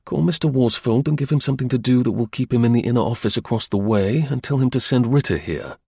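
Storybook role: stern commanding detective, gravelly and husky, read by a man. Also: mid-range voice, animated, warm tone, no echo, clean studio sound. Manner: stern, measured. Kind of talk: audiobook reading.

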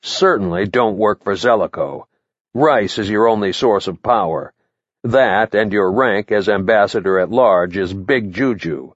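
A man voicing a gruff, blunt male spy-chief mentor who barks curt advice in short bursts. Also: fairly low pitch, measured pace, no echo, muffled recording. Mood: brusque.

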